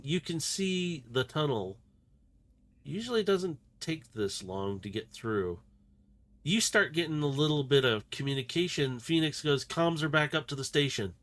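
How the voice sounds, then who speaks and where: A man running a tabletop game, narrating loosely and breaking into laughter. His voice sits a little high for a man, in a casual session chat over a call. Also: a bit bright. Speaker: game master.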